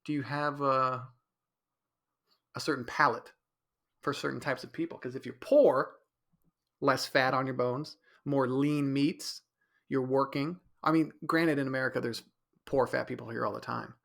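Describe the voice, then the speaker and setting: A man's voice: mid-range voice, fairly even intonation, normal speed, vocal fry, long pauses, a bit bright. A man hosting a casual solo podcast, rambling and correcting himself, with a slightly stuffy nose. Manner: rambling, self-interrupting, mimics others in raised voice. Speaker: podcast host.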